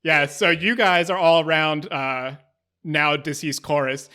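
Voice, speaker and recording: A man running a tabletop role-playing game, describing scenes in an easygoing, descriptive way. His voice sits a little high and sounds bright and forward. He laughs easily between descriptions. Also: steady tone, unhurried, clean tone. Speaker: game master.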